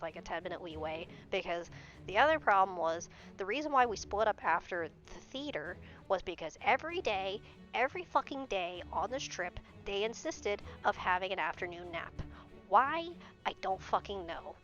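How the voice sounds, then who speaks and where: Exasperated young woman streamer, low voice. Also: fairly quick, fairly bright tone. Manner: exasperated, swears often. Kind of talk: casual storytelling. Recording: dull lo-fi stream audio. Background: faint background music.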